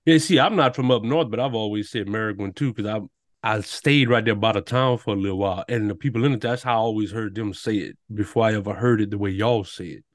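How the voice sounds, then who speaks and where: A man's voice: on the low side, quick pace, dry recording, studio quality. A man with a Cajun accent, co-hosting a casual podcast chat in a laid-back, joking, drawling way. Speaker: podcast co-host.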